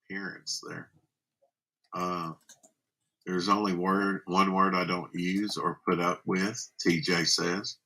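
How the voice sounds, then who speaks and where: A man hosts a relaxed live stream, musing aloud and reading viewer comments with plenty of fillers. His voice is low, husky and strikingly bright. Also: slow pace, poor audio. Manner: rambling, musing with many fillers.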